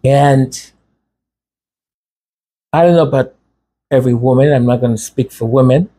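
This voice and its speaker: A man's voice: mid-range voice, moderate pace, mellow. A man hosting a raw commentary monologue, impassioned and sarcastic. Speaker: channel host.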